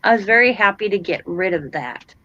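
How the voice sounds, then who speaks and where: A woman in her forties hosting a casual craft chat, telling stories in a chatty, animated way. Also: medium pitch, fairly quick, dry recording, dull audio. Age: 40s. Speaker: host.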